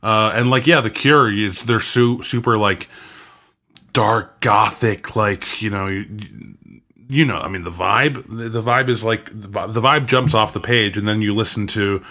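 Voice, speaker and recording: A man in his thirties in relaxed casual chat, sometimes humming tunes to make a point. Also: on the low side, a little slow. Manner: relaxed, chatty, mimics tunes with silly "do do" sounds.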